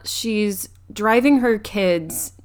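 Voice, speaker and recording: A young woman co-hosting a podcast talks very slowly in a mid-range voice. She casually recaps a movie's plot, with lots of ums and restarts.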